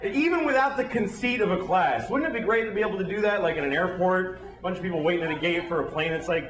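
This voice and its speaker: A man's voice: high-pitched, fast, hardly any pauses, distant mic, over a noisy crowd. A man performing a crude stand-up set, telling stories and acting out bits. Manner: crude, animated storytelling with shouted impressions. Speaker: stand-up comedian. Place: comedy club stage. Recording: roomy club with loud audience.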